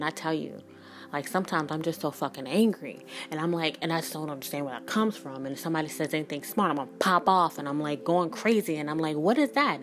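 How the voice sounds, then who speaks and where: Woman, thirties, low voice, candid spiritual vlogger; blunt, swears, rambles, faint music under. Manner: blunt, emphatic, swears freely; rambling, many restarts and "like". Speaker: spiritual reader and energy worker. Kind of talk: candid spiritual vlog talk.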